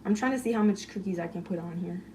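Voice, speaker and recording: A woman's voice: on the low side, fast talker, a little mellow, far from the mic, a little hiss or hum. A woman chatting casually on a phone livestream, rambling through a story full of "like" and swearing while baking in her kitchen. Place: home kitchen, baking cookies.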